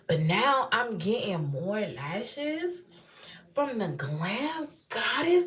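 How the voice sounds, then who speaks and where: A young woman with a D.C. accent, chatting through a casual unboxing in her home bathroom. Her voice sits at an everyday middle pitch. She talks in lively slang and swings widely in pitch and loudness. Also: measured pace. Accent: Washington D.C. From Washington, D.C. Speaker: beauty vlogger.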